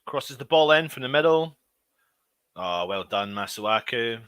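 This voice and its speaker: Male fan host, running live match commentary, excitable and frustrated, tense bright tone. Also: mid-range voice, unhurried, smooth, dry recording. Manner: excitable, shouts at big moments, grumbles at players. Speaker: fan watch-along host. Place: at home.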